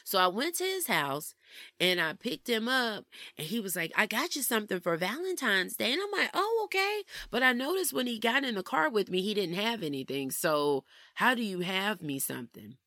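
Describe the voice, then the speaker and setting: A young woman recounts a personal story to her viewers in a casual, animated voice, turning to them with "y'all" again and again. Her voice sits in a middle pitch range for a woman. The recording is dry and close, with no room sound. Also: normal speed, dry recording. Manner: animated, addresses listeners as "y'all". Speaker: vlogger.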